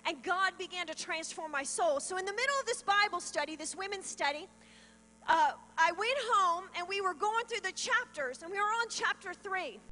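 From a church stage, a middle-aged pastor's wife delivers a testimony sermon in an extremely high, bright, forceful voice with lively intonation at a moderate pace. She is earnest and emotional; the hall is reverberant, with mains hum in the background.

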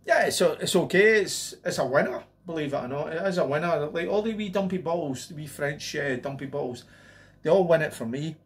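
A man's voice: a little high, animated, fairly quick. Chatty man reviewing lager. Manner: chatty, rambling, jokey asides. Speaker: beer reviewer. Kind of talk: casual beer review vlog.

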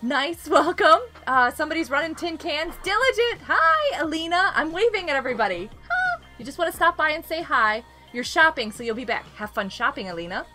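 A woman's voice: sits high, sing-song, fairly quick, sharp tone, faint music behind. A young woman live-streaming a game, chatting casually and giggling often as she greets viewers.

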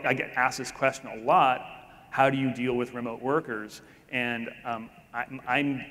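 In a reverberant, large conference hall, a male keynote speaker rambles conversationally on stage, frequently interrupting and restarting his own sentences. His voice is fairly high and fairly bright.

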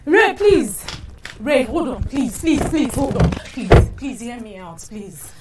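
A woman's voice: medium pitch, animated, measured pace, noisy background, lightly acted. An actress with a Nigerian accent playing an anxious young woman apologising to the man she loves. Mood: pleading. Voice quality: pleading, apologetic. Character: young woman torn between two men, anxious. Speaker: girlfriend. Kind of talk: Nollywood film acting.

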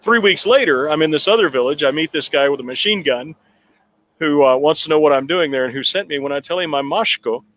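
A man's voice: fairly high pitch, a little fast, a bit bright. A man telling a long personal story at a town hall, rambling with restarts and chuckling now and then. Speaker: political candidate telling a story.

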